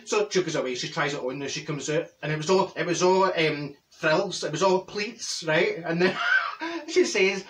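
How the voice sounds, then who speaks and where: A man doing a cheeky gossipy Glaswegian woman, high voice, bright edge, Glaswegian accent, a bit distant from the mic. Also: lively intonation, moderate pace. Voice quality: chatty, gossipy storytelling with Scots words. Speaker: comedy character host. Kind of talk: comic character monologue.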